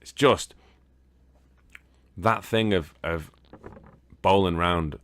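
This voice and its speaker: A man's voice: deep voice, drawn-out words. A British man casually commentating as he plays a board game video game, rambling and swearing now and then. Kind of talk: casual let's-play commentary.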